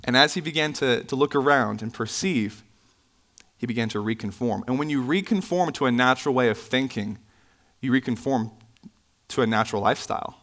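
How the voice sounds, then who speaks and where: A man preaching a sermon in a church, conversational with asides and self-corrections, his pitch jumping up when he stresses a point. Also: brisk. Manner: animated, pitch swinging up for emphasis. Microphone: microphone, sometimes bumped.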